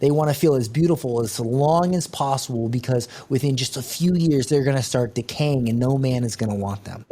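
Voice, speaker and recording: A man's voice: medium pitch, brisk, hardly any pauses, mellow. A man coaching a business owner on a call, blunt and pushy, cracking jokes as he pushes her. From United States.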